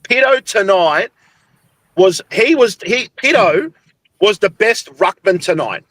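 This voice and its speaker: Sweary, high-pitched Australian man ranting. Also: lively intonation, takes it slowly, a bit bright, no echo, low-quality recording. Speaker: football podcast host. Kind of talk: heated post-game rant.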